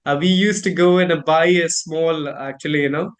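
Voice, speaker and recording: Chatty Indian-accented man, slightly high voice. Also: moderate pace. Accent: Indian English. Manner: chatty, rambling, with frequent fillers and laughs. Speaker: host learning pronunciation. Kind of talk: casual conversational lesson.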